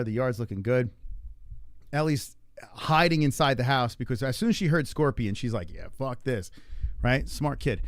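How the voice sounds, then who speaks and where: A man who is a father, telling a family story in a casual, animated way, full of swearing and acted-out quotes. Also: medium pitch, clean tone, dry recording, studio quality. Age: adult parent. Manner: animated, profane, acts out quotes. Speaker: livestream host. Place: Arizona.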